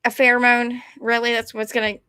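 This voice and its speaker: A woman, rambling and animated as she chats casually to her stream viewers. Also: a little high, brisk, clear, resonant tone, no echo, clean studio sound. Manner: rambling, animated, talks to chat. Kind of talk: casual ranting chat to viewers.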